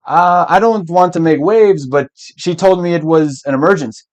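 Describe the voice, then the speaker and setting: A man voicing a flustered, apologetic male office worker in a teaching skit, hurried and eager to please. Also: a little high, pitched above the performer's own voice, lightly acted.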